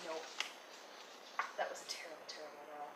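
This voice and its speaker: A woman playing a tabletop game, brisk and apologetic when she mixes up the rules. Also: low voice, level tone. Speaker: player. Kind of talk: casual tabletop play. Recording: echoey room, mic far off, loud background noise.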